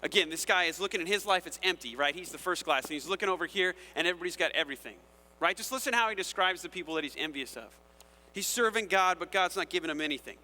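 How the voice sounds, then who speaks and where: A man preaching a sermon in a casual, conversational and animated way, often checking in with the audience. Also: high-pitched, fast, long reverb tail. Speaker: pastor.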